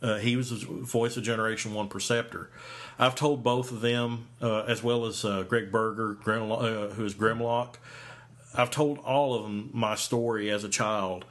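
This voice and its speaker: Man, forties, podcast host, low voice, rambling, lots of fillers and restarts. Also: steady tone, moderate pace, a bit bright. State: hiccups. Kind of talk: casual chat.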